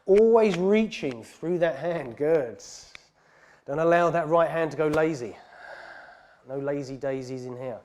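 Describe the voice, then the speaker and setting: Calm yoga teacher, a man, slightly high. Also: a little slow. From England. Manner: calm, steady cueing of breath and poses. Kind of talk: guided yoga class instruction. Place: heated yoga studio.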